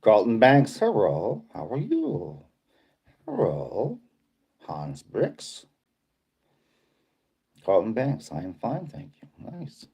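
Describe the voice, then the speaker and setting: A man's voice: lowish voice, huge pitch swings, slow pace, vocal fry, pauses often, mellow, breathy edge. A middle-aged man from Boston with a Boston accent, hosting a casual livestream and reading viewer comments in a rambling, laid-back way. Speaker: livestream host.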